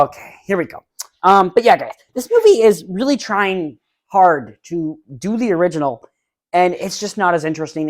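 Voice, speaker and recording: Blunt, rambling male podcast host. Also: fairly high pitch. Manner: blunt, rambling, exasperated, talks straight to listeners. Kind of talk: solo movie review podcast. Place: room at home with a fan. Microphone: own microphone at home.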